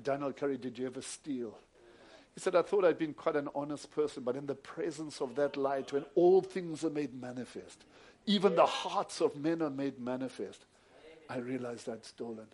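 A male preacher, moving between hushed retelling of a story and loud, emphatic preaching. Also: medium pitch. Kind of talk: sermon with storytelling.

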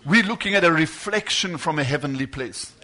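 High, bright-voiced male preacher. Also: expressive, fairly quick. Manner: fervent preaching, retelling stories with acted quotes. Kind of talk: sermon.

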